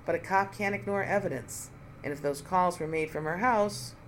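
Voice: medium pitch, moderate pace, slight background noise, pitched above the performer's own voice, lightly acted, poor audio. A reader voicing an eager male university colleague.

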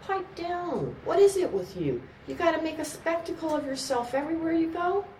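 A woman's voice: medium pitch, lively intonation, fairly quick, darkish tone, slight background noise, pitched above the performer's own voice, natural voice. A woman doing a crooning, beefy bouncer. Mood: coaxing. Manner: crooning, coaxing. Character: beefy middle-aged male bouncer, gruff but coaxing. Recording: roomy, distant mic, faint ambience.

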